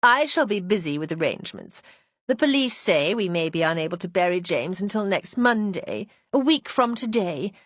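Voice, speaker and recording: A woman's voice: lowish voice, expressive, normal speed, a bit bright, dry recording. Woman voicing a formal, earnest society matron.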